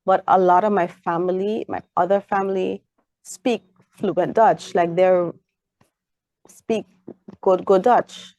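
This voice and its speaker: A young woman with a Caribbean English accent, chatting as an interview guest and acting out lively stories about her daughter. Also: on the low side, takes it slowly, pauses often, no room sound. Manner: animated storyteller, acts out her child's voice. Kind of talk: casual interview chat.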